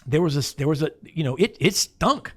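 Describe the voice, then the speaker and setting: A man hosting a faith talk show, telling stories in a lively way with many restarts. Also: a little high, moderate pace. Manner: animated storytelling with many restarts. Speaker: host.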